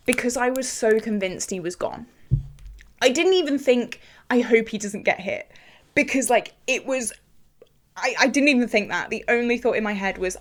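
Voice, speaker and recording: A young woman chatting casually to the camera while doing her makeup, telling a story in an animated, exclamatory way. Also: a little high, normal speed. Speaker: beauty vlogger.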